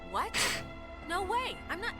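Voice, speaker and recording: A woman's voice: very high-pitched, very animated, unhurried, exaggerated voice. An actress voicing a stubborn teenage girl who stands up to ghosts in a video game, with music behind. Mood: defiant. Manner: defiant, pleading.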